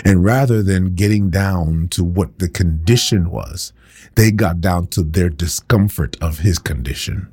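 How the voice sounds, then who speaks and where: A man's voice: deep voice, measured pace, a little mellow, slightly rough, dry recording, clean studio sound. A man preaching a sermon with passion, acting out the voices of the people he quotes.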